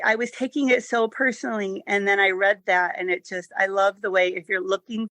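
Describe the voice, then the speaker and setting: A woman's voice: mid-range voice, a bit bright, no room sound. A woman in a recovery group telling a personal story with a casual tone and laughing at herself. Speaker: recovery meeting member. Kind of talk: casual sharing. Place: online meeting.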